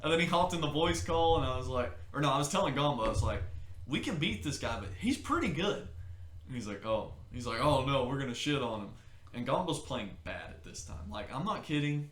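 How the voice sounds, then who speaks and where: A man co-hosting a podcast, chatting casually and telling stories with lively acted-out quotes and shouts. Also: mid-range voice, a little fast, roomy sound. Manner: animated storytelling, acts out shouts and quotes. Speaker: podcast co-host. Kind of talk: casual chat.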